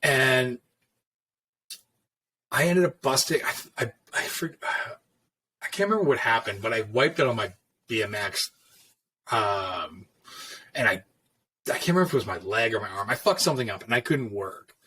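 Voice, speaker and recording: Animated and medium-pitched, he talks at a moderate pace, pausing often, in a pushed, bright, slightly rough voice. He's a middle-aged tattoo artist telling loose, laid-back shop stories in casual conversation, swearing freely and acting out people's lines.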